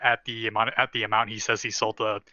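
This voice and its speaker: A man's voice: lowish voice, level tone, fast, bright, forceful tone, dry recording, dull audio. A man playing in a tabletop game, casually describing his character's reactions in a laid-back, amused way. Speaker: player.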